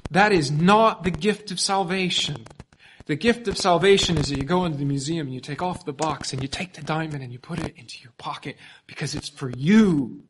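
A man preaching a sermon as pastor, emphatic, swinging from loud passages to hushed ones. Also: a little high, fairly quick, slight background noise.

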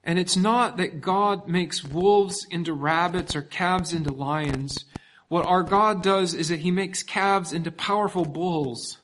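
A man preaching a sermon as pastor, emphatic, swinging from loud passages to hushed ones. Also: high voice, a little slow, slight background noise.

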